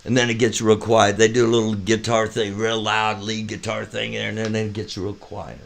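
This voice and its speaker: A man's voice: little pitch movement, vocal fry, slight background noise. A man hosting a live show, walking through an opening song and half-singing the rhyming lyrics. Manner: slow, low-key delivery breaking into sing-song rhymes. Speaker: host.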